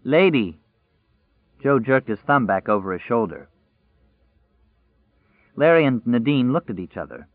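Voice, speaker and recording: A man narrating a novel in a measured, even storytelling voice. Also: mid-range voice, no room sound. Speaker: audiobook narrator. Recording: dry, tinny phone-like sound.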